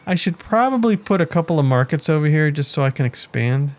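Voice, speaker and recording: A man's voice: on the high side, animated, brisk. A man giving casual commentary on his city-building game, thinking aloud and chatting to his villagers as he plays. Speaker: let's play gamer.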